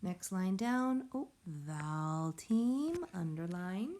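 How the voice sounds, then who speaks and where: A woman teacher giving a recorded phonics lesson to young children, explaining slowly and patiently in a sing-song way. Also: on the low side, sing-song, dark tone, a little hiss or hum. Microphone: tablet or device mic.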